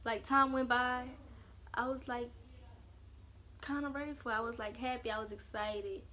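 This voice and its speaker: A woman's voice: a little high, fairly even intonation, normal speed, bright, forceful tone, slight background noise. Chatty young woman telling a story. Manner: casual, chatty, fillers of "like" throughout. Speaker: vlogger. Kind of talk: storytime vlog.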